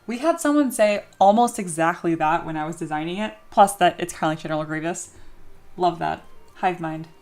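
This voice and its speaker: A woman hosts a livestream while sculpting 3D models, chatting casually and reading viewer comments aloud with self-deprecating humor. Her voice is lowish and fairly quick, with soft music playing in the background.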